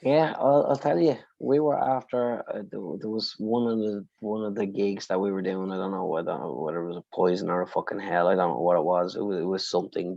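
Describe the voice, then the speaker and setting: A man on a podcast telling an emotional personal story, swearing freely and speaking with deep feeling. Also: fairly even intonation, a little fast, gravelly, few pauses, a little mellow, lo-fi sound. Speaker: podcast co-host.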